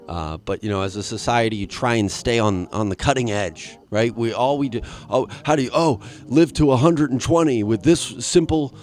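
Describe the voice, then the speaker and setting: Low-voiced man rambling through a comedy podcast. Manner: rambling, self-mocking, full of restarts. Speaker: podcast host. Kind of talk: solo comedic podcast monologue.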